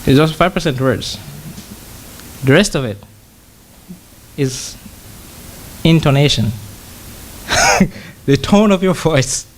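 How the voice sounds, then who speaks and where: A man preaching to his congregation in an easy conversational way, with a somewhat high voice. He pauses often and repeats words as he gathers his thoughts, then slows right down to read scripture. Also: slight background noise. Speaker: church brother preaching. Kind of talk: conversational sermon.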